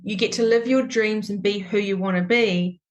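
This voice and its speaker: A woman's voice: medium pitch, steady tone, normal speed. A woman in her forties hosting a podcast, speaking reflectively and affirming her guest as she thinks aloud. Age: 40s. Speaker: podcast host. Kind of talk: conversational interview.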